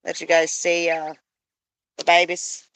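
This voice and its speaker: A young woman cooing and baby-talking to her pet geese in an unhurried, drawn-out way, chatting to viewers as she streams. The sound is dry and close, from a phone held outdoors. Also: on the low side, completely flat delivery, fairly bright tone, dry recording. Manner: cooing baby talk to birds. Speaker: pet goose keeper streaming live. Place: outdoors with geese and other animals.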